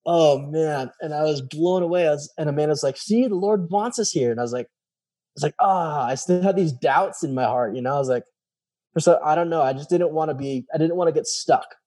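A man whose voice sits on the high side speaks fairly quickly while telling a personal story casually. As the guest, he is animated, voices the dialogue he quotes, and fills his speech with fillers and repeated "I was like."

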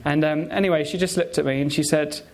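A man preaches in a relaxed, conversational way. He pauses often and restarts his phrases, with lots of fillers. His voice sits a little higher than most men's. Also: creaky, a little hiss or hum. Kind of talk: sermon with personal stories.

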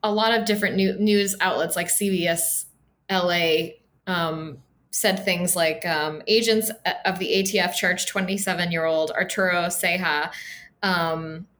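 A woman's voice: on the low side, fairly even intonation, a little slow, fairly bright tone. A woman co-hosting a podcast, talking casually with many fillers and a sarcastic edge. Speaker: podcast co-host. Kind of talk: casual political chat.

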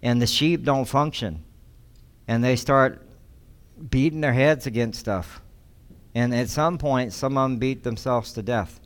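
A male pastor delivers a sermon in a smooth, resonant voice at an ordinary pitch. He reads scripture and then teaches in a loose, conversational way, often restarting his sentences. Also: a little slow, long pauses. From United States.

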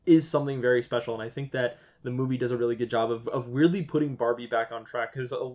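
A man's voice: medium pitch, steady tone, quick pace, darkish tone. A man in his thirties co-hosting a podcast, ranting about a movie in casual, profane chat full of "like". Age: 30s. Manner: ranting, profane, heavy use of "like". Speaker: podcast co-host.

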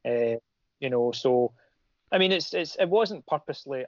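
A man's voice: mid-range voice, fairly quick, dry recording. Rambling man, dull lo-fi audio. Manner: rambling, full of restarts and fillers. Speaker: comic creator. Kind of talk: casual chat.

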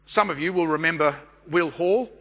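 A middle-aged Australian man preaches in a high, bright voice, pausing deliberately as he tells a story. A long reverb trails off his words in a big church hall. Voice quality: measured, deliberate pauses. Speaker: pastor. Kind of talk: sermon with a storytelling manner.

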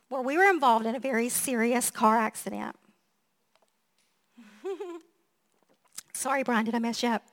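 High-voiced woman pastor telling lively stories. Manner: animated and chatty, laughing often and acting out quotes. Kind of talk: storytelling sermon.

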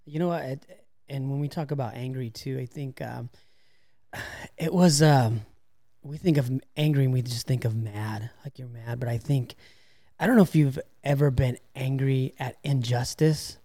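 A man co-hosting a podcast, talking reflectively and hesitantly with many pauses. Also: medium pitch, warm tone, dry recording, studio quality. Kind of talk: casual discussion.

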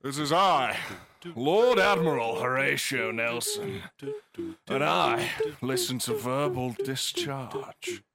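A man voicing a pompous old naval admiral, speaking slowly with grand, swooping intonation. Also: medium pitch, wildly swooping pitch, a bit bright, heavily acted. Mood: grandiose.

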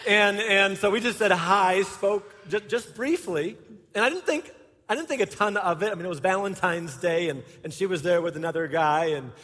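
A man's voice: high voice, moderate pace, a bit bright. A man in his forties, a pastor, telling a humorous personal story to his congregation with laughter along the way. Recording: echoey hall.

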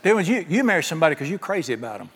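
A man preaching in a folksy storytelling way, acting out both sides of every conversation. His voice sits a little high for a man. The sound rings with the long reverb of a large hall. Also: big pitch swings, rapid-fire, a bit bright. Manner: folksy storytelling, acts out quoted dialogue. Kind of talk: sermon.

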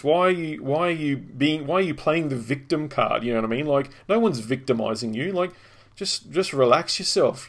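Man, mid-pitched, loose and rambling, swears casually, chatty co-host. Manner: rambling, swears casually, laughs while telling stories. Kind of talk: casual podcast chat.

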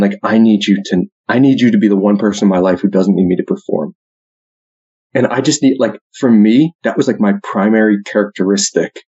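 A man, talking casually about faith, full of "like" and "right?", loud when he acts out quotes. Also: on the low side, husky. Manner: conversational, says "like" and "right?" a lot, acts out quotes loudly. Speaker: speaker. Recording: muffled lo-fi recording.

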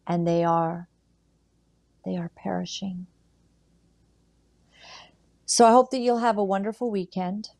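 A woman talking casually to her audience and reading scripture, chatty and animated, acting out quotes in playful voices. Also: mid-range voice, unhurried, vocal fry, long pauses. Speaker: online commentator and preacher.

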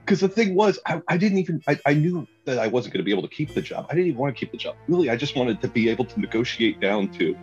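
A young man telling a comic story in a casual chat, animated and laughing often as he acts out what people said. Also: medium pitch, fast talker, hardly any pauses, highs cut off, soft background music.

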